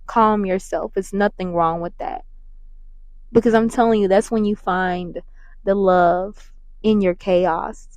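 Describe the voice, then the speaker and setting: A woman hosting a faith-based motivational talk, animated and preachy, who keeps apologizing and laughing at herself. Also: medium pitch, slow, dry recording, rough recording. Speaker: podcast host and mentor.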